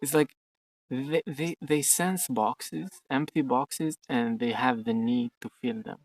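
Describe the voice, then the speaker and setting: A man rambles and jokes on a live stream, cursing freely as he works outdoors. His voice has a gravelly, fry-laden edge at a middling pitch. The sound is dry and close, with little room around it. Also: slow, dry recording. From Ukraine. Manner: rambling, joking, heavy swearing. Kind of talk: casual livestream chat. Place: outdoors in a garden.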